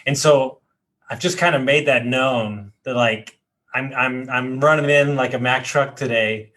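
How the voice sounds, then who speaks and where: A man's voice: mid-range voice, fairly even intonation, a little slow, fairly bright tone. A man hosting a podcast in casual chat, loose and full of fillers. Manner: loose, filler-heavy, frequent "like". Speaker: podcast host.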